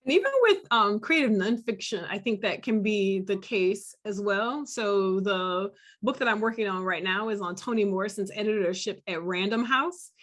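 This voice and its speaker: A woman speaking on a panel over a video call, in a medium-pitched voice. She talks thoughtfully, pausing on fillers and restarting her sentences as she works out her ideas. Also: a bit bright. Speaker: panelist and scholar. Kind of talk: panel discussion.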